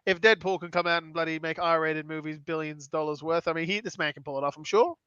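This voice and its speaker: A man's voice: on the high side, steady tone, fast, bright, forceful tone, clear, resonant tone, dry recording. A man co-hosting a podcast, joking and teasing while firing off questions. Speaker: podcast co-host. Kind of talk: casual chat. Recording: dull, dry lo-fi recording.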